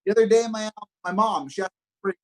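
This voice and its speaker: A young man from Los Angeles doing a stand-up comedy set, upbeat and self-mocking, with deadpan punchlines. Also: sits high, fairly quick, low-quality recording. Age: young adult.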